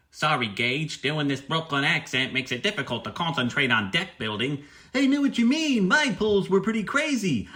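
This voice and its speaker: A man's voice: high-pitched, pushed and bright, heavily acted. A man putting on goofy, exaggerated voices in a comedy meme skit.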